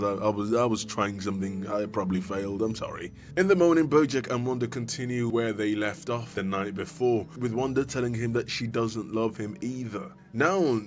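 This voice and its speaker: A man's voice: mid-range voice, darkish tone. A man narrating a scripted video essay, recapping scenes in a playful way with jokey asides and mock scolding.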